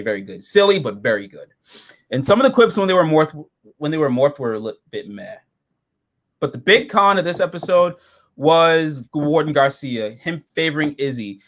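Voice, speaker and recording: A man co-hosting a casual episode review, profane and excitable, jumping into silly quoted voices. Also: mid-range voice, fairly quick.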